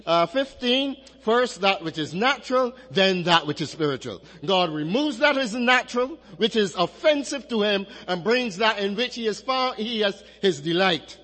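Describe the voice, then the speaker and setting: A man preaching an expository sermon, measured and emphatic, drawing out key phrases as he reads and explains scripture. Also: sits high, expressive, bright, forceful tone. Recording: long reverberant hall.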